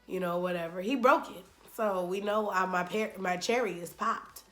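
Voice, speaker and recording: A woman's voice: mid-range voice, moderate pace, pushed and bright. A woman vlogger telling a candid personal story in a chatty way, full of fillers and dramatized moments.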